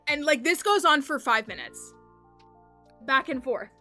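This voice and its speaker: A woman streamer telling a story in casual chat, animated and full of "like" fillers. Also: high voice, a little slow, faint music behind. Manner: animated, heavy use of "like" fillers.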